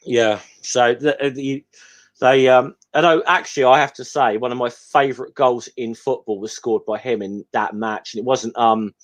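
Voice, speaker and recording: A man's voice: medium pitch, steady tone, moderate pace. Hesitant man rambling through commentary. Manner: hesitant, rambling, full of ums. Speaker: podcast co-host. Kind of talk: casual film commentary chat.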